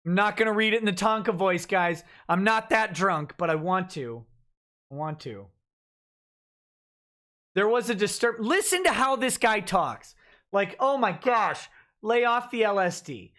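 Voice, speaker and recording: A woman's voice: mid-range voice, lively intonation, measured pace, a bit bright. A woman hosting a livestream, giving sarcastic, ranting commentary while reading text aloud with asides. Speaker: host.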